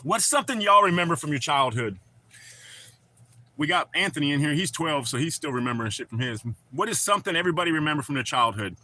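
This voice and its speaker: A man, chatting with his live-stream viewers in a loose, profane way. His voice sits a little high and sounds bright and forceful. He talks casually. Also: animated, fast.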